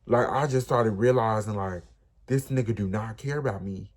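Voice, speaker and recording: A man's voice: on the low side, moderate pace. Young man telling an emotional storytime. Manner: emotional, rambling, speaks straight to viewers. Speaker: vlogger. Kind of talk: storytime vlog.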